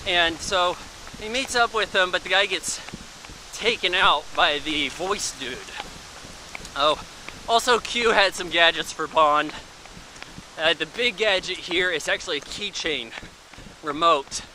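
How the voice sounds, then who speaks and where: A man's voice: high voice, a little slow, sharp tone, slight background noise, low-quality recording. A man giving a casual, rambling spoken film review in an offhand way. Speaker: movie reviewer.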